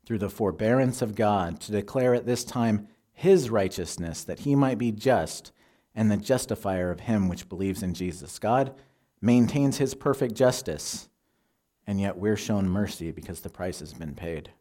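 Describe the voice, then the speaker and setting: A man preaching a sermon, teaching in a measured, earnest way and quoting scripture. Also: fairly low pitch, lively intonation, dark tone.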